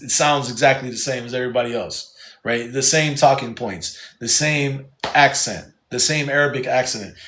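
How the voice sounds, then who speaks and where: A man teaches a live class in a loose, joking way, restarting sentences as he goes. He talks fast at a middle pitch. The sound is echoey, as if from a room with bare walls. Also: a bit bright. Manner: casual, joking, with frequent restarts and fillers. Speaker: Quran teacher.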